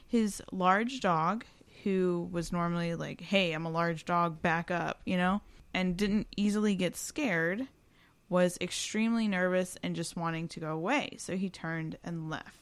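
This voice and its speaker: A woman co-hosting a podcast at home with the windows open, telling stories in a chatty, casual way and laughing often. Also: fairly low pitch. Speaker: podcast co-host. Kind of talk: casual storytelling chat.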